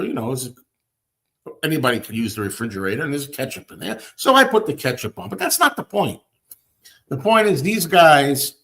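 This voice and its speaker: A man hosting a show, ranting and telling everyday stories in a casual, animated way. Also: a little high. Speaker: host. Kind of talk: casual chat.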